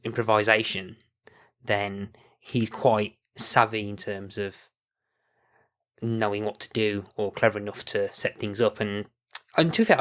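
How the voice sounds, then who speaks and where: A man with a fairly low voice joins a podcast as a guest. He thinks aloud in a measured, casual way. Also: a bit bright. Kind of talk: casual chat.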